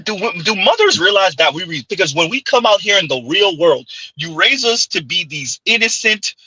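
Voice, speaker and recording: High, husky, lively man chatting. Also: normal speed, no room sound, poor audio. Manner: animated storyteller, rhetorical questions, laughs often. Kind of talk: casual chat.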